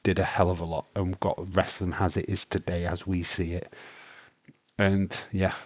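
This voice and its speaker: A man's voice: low voice, level tone, moderate pace, dry recording. A British man from the UK talking casually and bluntly as the host of a live watch-along stream, rambling with many fillers and some swearing. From United Kingdom.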